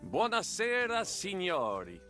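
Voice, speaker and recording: A fussy, theatrical language tutor. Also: male voice, sits high, wildly swooping pitch, measured pace, pushed and bright, soft background music, exaggerated voice. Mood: patient, exacting. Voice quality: precise, exasperated tutoring manner. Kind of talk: game voice acting.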